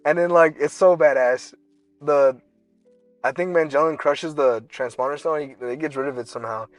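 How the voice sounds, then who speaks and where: Animated young man telling a story. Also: on the high side, moderate pace, no room sound, soft background music. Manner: animated storytelling, slangy, acts out characters in bursts. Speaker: podcast co-host. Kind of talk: casual chat.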